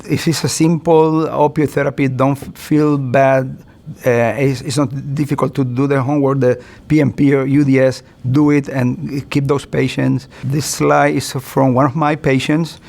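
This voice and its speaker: Middle aged guy doc giving a talk, gravelly voice, earnest and chatty. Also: mid-range voice, little pitch movement, moderate pace, a little mellow. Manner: earnest, conversational, acts out doctor-patient exchanges. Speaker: physician giving a lecture. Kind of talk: recorded continuing-education lecture.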